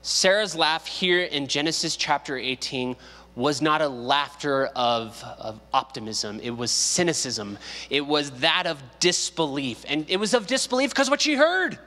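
A pastor in his thirties leads a casual Bible study in a church sanctuary, joking and acting out quotes as he goes. His voice is a little high, animated, and sharp, a little slow, with long hall reverb in the recording.

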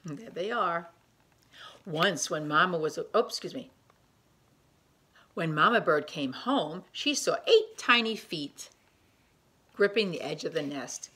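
A woman reads a picture book aloud at a slow, unhurried pace. Her voice is soft and husky, sitting a little low. She stops now and then to point out the pictures for the children. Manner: gentle, pauses to point out pictures. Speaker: storyteller reading to children.

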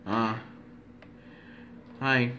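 A man goofs around in a home video, repeating phrases and inventing names between giggles. His bright tone sits at a middling pitch, with a faint hiss of noise behind it. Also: steady tone, drawn-out words, lo-fi sound. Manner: giggly, repetitive, silly made-up names. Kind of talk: playful home video chat.

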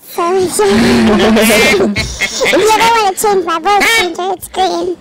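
A woman's voice: very high voice, fairly even intonation, a little slow, loud music behind the voice, a loud crowd. A young woman in student broadcast banter who giggles often. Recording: loud background noise.

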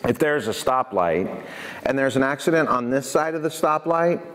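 A man speaks to a crowd of young students in a church hall. He tells stories with lots of energy, throws questions at the room and laughs often. His voice is mid-pitched, and a long reverb trails behind it. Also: moderate pace. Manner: animated storyteller, asks the audience questions, laughs often. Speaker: prevention specialist and youth speaker.

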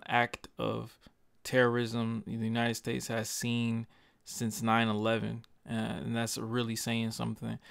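A young YouTuber with a gravelly, mid-range voice shares earnest, passionate views in a commentary vlog, stumbling, stuttering, and restarting often while swearing casually. The desk-microphone recording is studio quality, clean in tone, with no echo.

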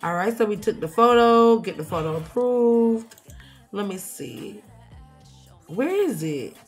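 A woman's voice: medium pitch, sing-song, measured pace, faint music behind. A woman giving casual, profane commentary while playing a life-sim game, shifting from mumbling to outbursts. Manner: chatty, swears, swings from mumbling to loud outbursts. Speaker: let's play streamer.

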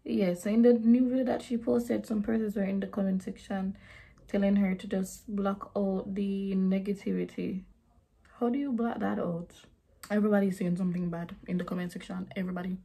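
A woman's voice: medium pitch, level tone, brisk, vocal fry, warm tone, husky. Chatty young woman with a lilt. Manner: chatty, blunt, slips into patois. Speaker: beauty vlogger. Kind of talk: casual chat while doing makeup.

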